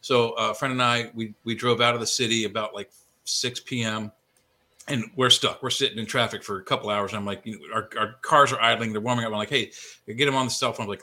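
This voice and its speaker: A man's voice: mid-range voice, steady tone, quick pace, sharp tone. A man co-hosting a casual talk show, telling stories that build to a punchline.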